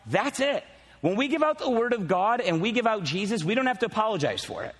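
A male pastor with a high, bright-sounding voice preaches in a conversational, animated way, slipping in teasing asides to his congregation. His voice carries a long reverb from the church hall. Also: fairly quick. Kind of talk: sermon with casual asides.

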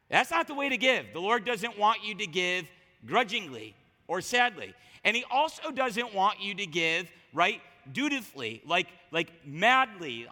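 A man preaching a sermon as a pastor, talking in a conversational, animated way with frequent restarts. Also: high-pitched, moderate pace, long reverb tail.

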